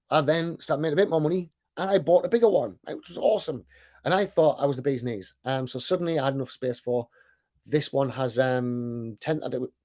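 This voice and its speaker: In a darkish, mid-range voice, a man with a strong accent runs an informal sales presentation, chatting away, making fun of himself, and often checking with "right?". He's a business owner who works as an online sales coach.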